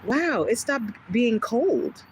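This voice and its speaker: A woman hosting a casual livestream from home, chatting with viewers in a rambling, animated way and laughing often. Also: on the high side, slow, slight background noise, low-quality recording. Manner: chatty and rambling, jumping between topics. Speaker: livestream host. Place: home in California.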